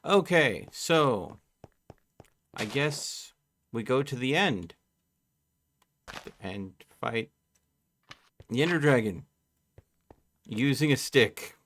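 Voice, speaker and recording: A man's voice: mid-range voice, expressive, fairly bright tone, slight background noise. A man on a live game stream, chatting casually and thinking aloud as he plays. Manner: slow, thinking aloud while playing. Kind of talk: casual live gameplay chat.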